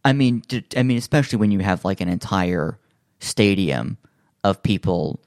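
A man with a somewhat low voice tells stories in a loose, conversational ramble, full of fillers and restarts. He slips into quick impressions of the people he is quoting. The recording is close and dry, with no room echo. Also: lively intonation, darkish tone. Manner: acts out quoted voices in his stories. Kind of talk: casual chat.

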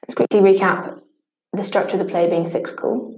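A woman reading a scripted study lesson at a steady pace, sometimes stumbling and restarting on harder words. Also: mid-range voice, a little fast. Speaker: teacher. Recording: echoey room.

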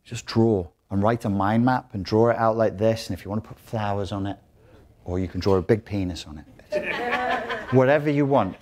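A man giving a live workshop talk to an audience in a blunt, profane, joking way, with restarts. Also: mid-range voice. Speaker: workshop speaker.

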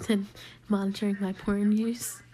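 A young adult woman co-hosting a casual podcast, telling candid, crude stories in a lively, joking way. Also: mid-range voice, normal speed. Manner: candid, crude, animated storyteller. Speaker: podcast co-host.

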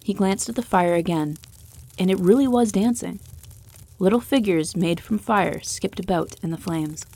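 A woman narrating a fantasy story with steady, even-paced storytelling. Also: mid-range voice, moderate pace, gravelly.

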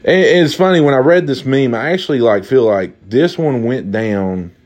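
A man's voice: mid-range voice, lively intonation, moderate pace, a little mellow. Rambling, cussing man. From Kentucky. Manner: rambling, swears constantly, many restarts and fillers. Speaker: vlogger. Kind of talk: profane comedic rant.

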